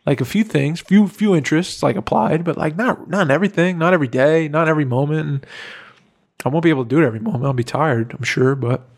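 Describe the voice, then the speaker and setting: A man's voice: fairly high pitch, fast. A young man co-hosting a podcast, talking casually and earnestly with lots of "like" and "bro". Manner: earnest, heartfelt, full of "like" and "bro". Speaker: podcast co-host. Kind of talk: casual chat.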